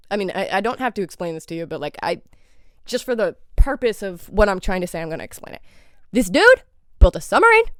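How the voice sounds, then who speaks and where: A woman's voice: on the high side, a bit bright, no echo, studio quality. Heated swearing young woman podcaster. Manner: heated, swears a lot, rhetorical questions. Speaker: podcast host. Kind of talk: casual commentary rant.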